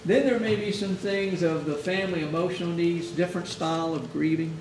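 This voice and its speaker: A man's voice: a little high, steady tone, fairly quick, darkish tone. A man teaching hospital chaplains in a conversational lecture, often acting out exchanges with grieving families. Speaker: chaplain instructor. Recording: echoey room, mic far off, faint hiss.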